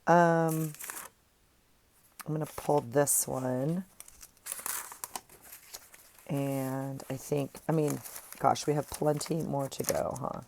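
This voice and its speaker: Chatty woman at her craft desk, low gravelly voice, talks to viewers like friends, earphone mic. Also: fairly even intonation, slow pace, pauses often, darkish tone, a little hiss or hum. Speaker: craft vlogger. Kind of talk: casual chat while crafting.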